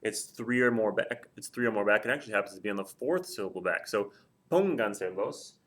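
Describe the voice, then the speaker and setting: Male, young adult, teacher, casual explanation, fillers, fairly low voice. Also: fast talker, pushed and bright. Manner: casual, with frequent ums and repeated example words. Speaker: Spanish teacher. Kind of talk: classroom-style explanation at a board.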